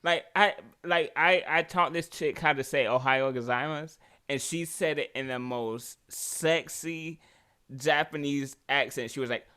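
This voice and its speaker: Bright, laughing man in casual banter. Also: a little high, measured pace, smooth. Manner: animated, laughing, profane banter. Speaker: podcast co-host. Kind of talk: casual chat.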